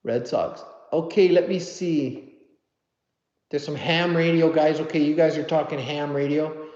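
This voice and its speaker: A man's voice: on the high side, fairly even intonation, unhurried, darkish tone. Chatty man on a roomy live stream. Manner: chatty, reads viewer comments aloud, self-deprecating. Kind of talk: casual live stream chat. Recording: dull, roomy audio with long reverb.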